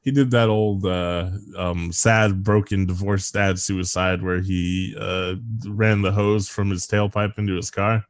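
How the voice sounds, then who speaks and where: A man's voice: sits low, flat delivery, unhurried, few pauses, dry recording. A man in his thirties co-hosting a casual podcast, joking darkly and laughing often. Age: 30s. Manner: sardonic, dark humor, laughs often. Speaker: podcast co-host.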